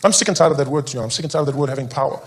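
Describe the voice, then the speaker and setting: Fast-talking South African stand-up comedian. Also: male voice, on the high side. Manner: rambling, self-interrupting, playfully provocative. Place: comedy stage before a live audience.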